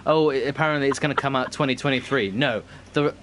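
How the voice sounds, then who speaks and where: A man's voice: mid-range voice, fast, fairly bright tone, slight background noise. A man streaming a video game, chatting casually with friends and swearing freely as he rambles. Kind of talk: casual chat over gameplay.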